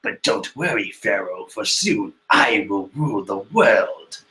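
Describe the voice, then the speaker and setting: A man voicing an imposing, sinister male warrior villain in a deep, menacing tone while reading a comic aloud. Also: animated, slow, bright, forceful tone, exaggerated voice.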